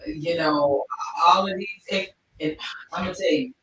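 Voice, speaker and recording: Bright-voiced woman hosting in an echoey room. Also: low-pitched, moderate pace, slight background noise. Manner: animated, expressive storytelling. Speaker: talk show host. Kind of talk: livestream casual chat. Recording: echoey room, distant mic.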